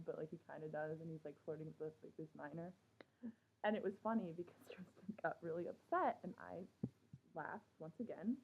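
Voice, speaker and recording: A young woman recapping a TV episode in a casual, sarcastic rant full of swearing. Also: on the low side. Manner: animated, swears a lot, sarcastic. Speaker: TV show reviewer. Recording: tinny phone-like audio.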